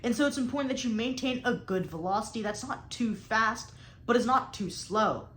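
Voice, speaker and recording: A woman's voice: on the high side, expressive, moderate pace, fairly bright tone, echoey room. Young woman coaching public speaking. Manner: explanatory, emphatic, varies tone on purpose. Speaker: debate coach. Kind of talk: instructional talk.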